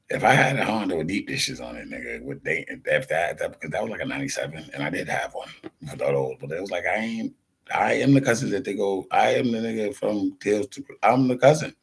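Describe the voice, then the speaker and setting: A man rambles through stories in a loose, slangy, profane monologue, acting out the voices of the people in them. His voice sits very low, with a gravelly edge and a husky, rough tone. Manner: loose storytelling, slangy, profane, acts out quoted voices, laughs often.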